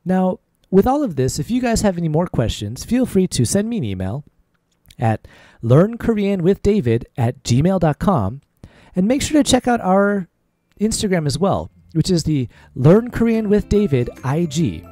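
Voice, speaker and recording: A man's voice: high-pitched, dry recording, studio quality. Casual male podcast language teacher. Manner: repeats phrases slowly, then faster, for drilling; relaxed, casual teaching with many "like" fillers.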